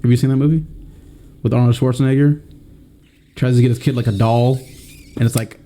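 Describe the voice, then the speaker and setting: A man's voice: mid-range voice, fairly even intonation, fairly quick, dark tone. A young man in his twenties co-hosting a casual podcast, rambling with plenty of filler words. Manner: rambling, hesitant, lots of fillers and laughs. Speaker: podcast co-host. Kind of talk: casual chat.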